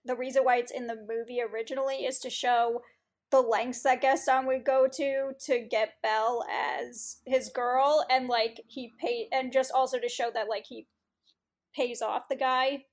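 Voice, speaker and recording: A woman's voice: a little high, steady tone, moderate pace. A woman co-hosting a casual podcast, thinking aloud with hedges and fillers. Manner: thoughtful, hedging with fillers. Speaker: podcast co-host. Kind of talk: casual chat.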